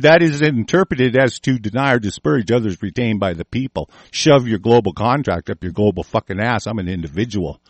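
A man's voice: mid-range voice, gravelly, dry recording. Angry cursing man ranting, dry sound. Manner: angry, cursing heavily, shouting; stumbles over words while reading. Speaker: commentary show host. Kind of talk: profane ranting commentary, reading news aloud.

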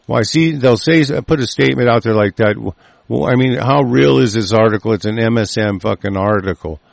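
A man's voice: mid-range voice, fairly quick, creaky, no echo. A man in an angry, profane rant as he reads out a news article and breaks off with stammering restarts. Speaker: political ranter reading a news article.

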